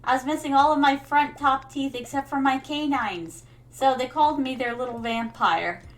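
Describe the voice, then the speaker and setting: A woman's voice: sits high, normal speed, slight background noise. A young woman streaming a game in casual, rambling chat, playing a playful royal persona who calls her viewers her darlings. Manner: rambling, many fillers.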